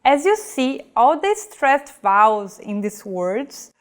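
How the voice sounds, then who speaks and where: Slow, careful woman teacher. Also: sits high, very animated, clean tone. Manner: slow, careful delivery, modelling example words. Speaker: language teacher. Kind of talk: scripted lesson narration.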